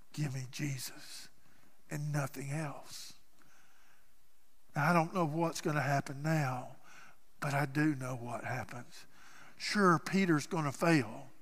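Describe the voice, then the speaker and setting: A male pastor delivers a sermon in a church sanctuary, his voice high and bright. He tells the story slowly and theatrically, rising to loud cries and dropping to near hushes. A long reverb trails behind every phrase.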